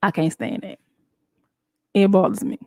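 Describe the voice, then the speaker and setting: A woman hosting a show, talking in a casual, animated and emphatic way with frequent laughs. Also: mid-range voice, a little slow, no room sound. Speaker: show host. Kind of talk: casual talk-show monologue.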